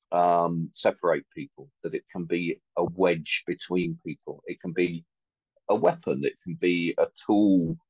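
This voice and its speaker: A man giving earnest, hesitant remarks on a video call, with many pauses and fillers. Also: deep voice, husky, no room sound, highs cut off. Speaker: community participant.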